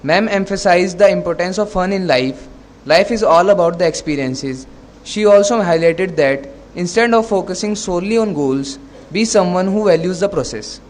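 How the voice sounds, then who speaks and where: A man hosts the event from the stage. His voice sits high for a man, and he delivers polite, scripted thanks to the previous speaker. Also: moderate pace, a little hiss or hum. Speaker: event anchor. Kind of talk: formal compering.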